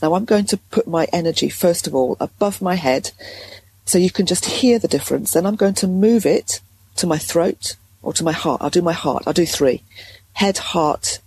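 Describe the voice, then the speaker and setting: A woman transformational coach, calmly explaining and demonstrating how to place attention while speaking. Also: fairly low pitch, husky, low-quality recording.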